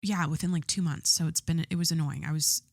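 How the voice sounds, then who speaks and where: Young woman, solo podcast host, lowish voice, blunt and sweary, slightly stuffy with a cold, dry close sound. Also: steady tone, fairly quick, gravelly, a little mellow, no echo. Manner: candid and profane, lots of fillers. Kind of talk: casual solo podcast monologue.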